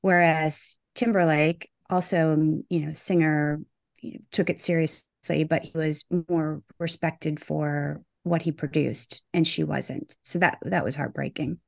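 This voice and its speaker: A woman co-hosting a podcast, giving thoughtful, measured opinions with some hesitation. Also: sits low, fairly even intonation, vocal fry, no room sound. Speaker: podcast co-host. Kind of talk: casual book-club chat.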